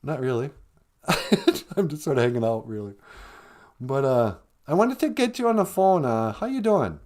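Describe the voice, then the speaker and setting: A man's voice: mid-range voice, big pitch swings, normal speed, a little mellow. Playful man hosting a live stream. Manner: joking, playful, teasing. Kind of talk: casual live stream chat.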